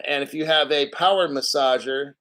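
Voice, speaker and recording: A man hosting a casual livestream, reading out donations and ranting bluntly with lots of swearing and frequent throat clearing. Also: a little high, normal speed, a bit bright. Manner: blunt, profane, combative. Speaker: crypto livestream host.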